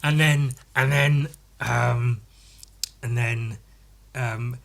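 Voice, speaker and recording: A man's voice: medium pitch, steady tone, drawn-out words, gravelly, a bit bright. A man hosting a solo comedy podcast, rambling and meandering, often stumbling and repeating words as he goes. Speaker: podcast host.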